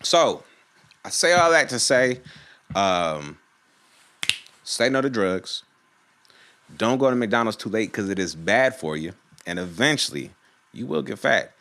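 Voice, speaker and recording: Animated, profane man telling a story. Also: fairly low pitch, a little slow, pauses often. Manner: profane, animated, acts out the people in his story. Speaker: storytime YouTuber. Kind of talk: casual storytelling.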